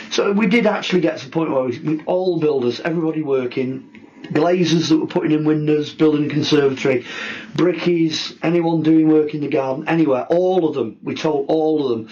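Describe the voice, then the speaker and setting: A middle-aged man telling a ghost story in a casual interview, animated and acting out the people he quotes. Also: a little high, moderate pace. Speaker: guest storyteller. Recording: dull lo-fi recording.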